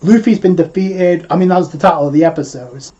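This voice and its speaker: A man with a noticeably high-pitched voice gives a casual video review of an anime episode. He retells the scenes in a loose, rambling way and is clearly excited about them. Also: fast talker, dull audio.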